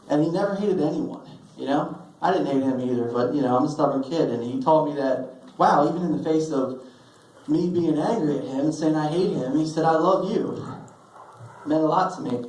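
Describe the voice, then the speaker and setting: A young man giving a personal eulogy, telling stories with halting restarts and fillers, recorded on a phone in a funeral hall. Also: medium pitch, a little mellow. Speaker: eulogy speaker. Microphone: phone recording from the audience.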